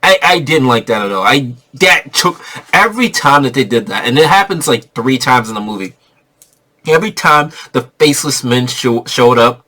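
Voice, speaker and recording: A man's voice: mid-range voice, lively intonation, normal speed, sharp tone. A man giving a casual, rambling movie review, full of fillers and swearing. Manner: rambling, profane, filler-heavy.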